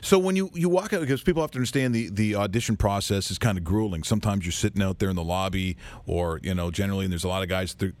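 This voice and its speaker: A man's voice: sits low, quick pace, few pauses, darkish tone, no echo. A male radio host who interviews a guest in an eager, rambling way, with many restarts. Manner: enthusiastic, rambling, lots of restarts.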